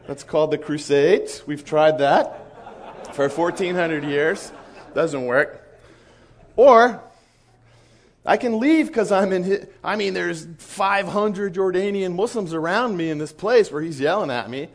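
A man giving a storytelling sermon as a missionary speaker, animated and acting out the voices of people in his stories. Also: on the high side, moderate pace. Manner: animated, acts out quoted voices. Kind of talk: storytelling sermon to a conference crowd.

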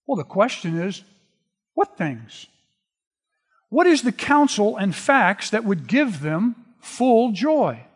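A man preaching a sermon, retelling scripture in a relaxed, conversational storytelling way. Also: high voice, slow, slightly rough. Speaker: pastor. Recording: long reverb of a large hall.

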